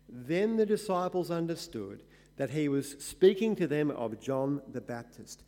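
A man with a fairly high voice teaches scripture verse by verse. He explains things emphatically and often stops to fill with "uh". His voice rings with the long reverb of a large hall. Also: big pitch swings, measured pace, dark tone. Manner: explanatory, emphatic, with frequent "uh" fillers.

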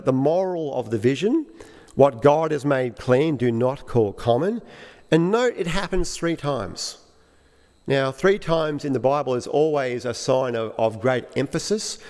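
A man preaching a sermon, explaining scripture in a halting way and often repeating words. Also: medium pitch, lively intonation, a little mellow, long reverb tail.

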